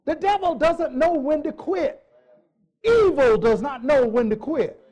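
A man's voice: very high voice, expressive, unhurried, darkish tone. A male pastor preaching a sermon in a church, emphatic, repeating phrases and joking with the congregation.

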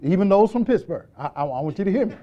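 An animated male preacher with a lively, wide-ranging pitch, pressing his points through repetition and call-and-response. His voice swings between booming emphasis and hushed softness. The recording is dull and lo-fi. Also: fast talker. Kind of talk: sermon.

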